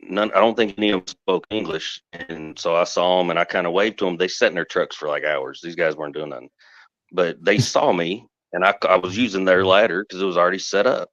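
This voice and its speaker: A man's voice: low-pitched, a little fast, a bit bright, no room sound. A man co-hosting a casual podcast, telling work stories in a blunt, laid-back way. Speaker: podcast co-host, HVAC technician. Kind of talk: casual storytelling. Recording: dull, dry lo-fi audio.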